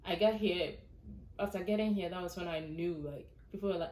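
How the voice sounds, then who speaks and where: A woman from Ghana, a podcast guest in casual chat, soft-spoken and measured. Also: on the low side. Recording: echoey room.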